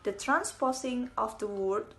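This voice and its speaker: A young woman reads her part of a class presentation with slow, deliberate pacing. Her voice is pitched a little high. Each word comes out carefully, the way a student reads a prepared script. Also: fairly bright tone.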